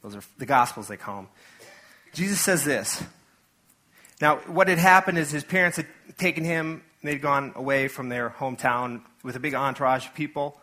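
A man's voice: medium pitch, normal speed, sharp tone. A man preaching a sermon to his church in a casual, conversational way, full of asides and acted-out quotes. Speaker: pastor.

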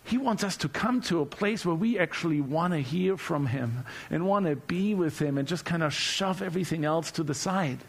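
A male preacher delivering a relaxed, humorous sermon who often repeats words as he speaks off the cuff. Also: fairly high pitch, normal speed, vocal fry, few pauses, slightly rough. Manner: conversational and humorous, repeats words while searching.

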